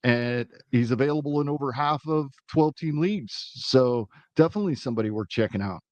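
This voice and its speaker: A man's voice: mid-range voice, a little fast, dry recording. Midwestern male podcast co-host, methodical delivery, dry sound. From US Midwest, Iowa-Nebraska border. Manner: steady, methodical run-through of schedules. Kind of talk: fantasy baseball podcast chat.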